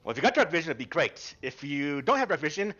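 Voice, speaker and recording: A man narrating a tabletop game as game master, describing scenes in an animated way with frequent ums. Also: on the high side, fast, dull audio.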